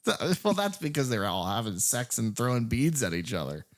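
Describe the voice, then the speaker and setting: Animated, profane male podcast co-host. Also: mid-range voice, moderate pace. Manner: animated, profane, acts out movie scenes. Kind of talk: casual film review chat.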